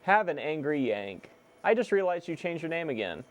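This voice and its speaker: A young man casually chatting to viewers on a live stream while repairing a console, excitable and swearing freely. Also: a little high, normal speed. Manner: excitable, swears, self-deprecating laughs.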